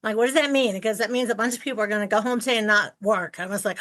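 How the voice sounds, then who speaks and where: Podcast host, woman in her sixties from Ohio, bright higher voice, animated storyteller. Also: a little fast. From Ohio, United States. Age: 60s. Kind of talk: casual interview chat.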